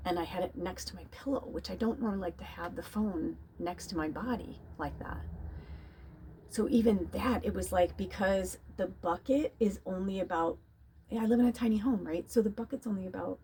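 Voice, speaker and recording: A woman's voice: mid-range voice, a little fast, dark tone, a little hiss or hum. A woman who works as a spiritual medium, talking casually and emotionally about her life in a rambling, confessional way, swearing now and then and sometimes dropping to a whisper. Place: tiny home.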